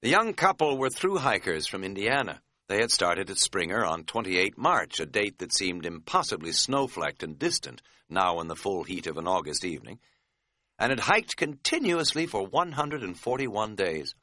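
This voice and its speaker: Wry male audiobook narrator: bright, sharp tone, very lively inflection, dry humor. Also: sits low, moderate pace, no echo.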